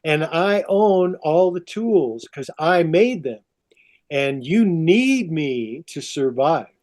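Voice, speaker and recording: A man's voice: fairly high pitch, unhurried, a little mellow, natural voice. A man voicing Adam as a shaken, bewildered first man who asks flustered questions while telling a story.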